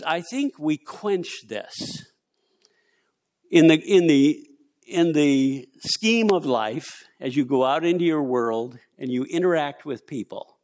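An older man delivers a sermon with a lively, swooping voice that rises and falls as he tells his story. His pitch sits a little above the usual for a man, and he acts out the quotes he tells. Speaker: preacher.

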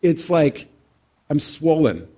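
A man's voice: on the high side, big pitch swings, slow, mellow, husky. A man in his forties telling a heartfelt personal story to an audience in a reflective, conversational way. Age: 40s. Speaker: speaker addressing an audience.

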